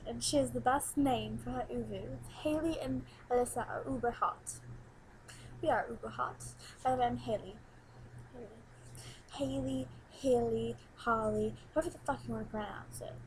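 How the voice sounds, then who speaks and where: A teenage girl chats into her webcam at home, her voice sitting a little high. She rambles from one thing to the next and breaks into giggles often. A faint hiss runs under the home recording. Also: a little fast, rough recording. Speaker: new vlogger. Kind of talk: casual webcam chat.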